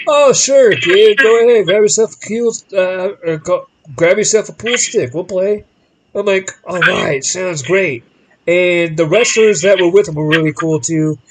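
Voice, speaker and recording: A man with a slightly high voice hosts a casual podcast and tells a long story. He acts out the people in it with lively shifts of voice and often restarts his sentences. Faint noise sits under the recording. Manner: animated, acts out quoted people in different voices; rambling with frequent restarts. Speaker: podcast host.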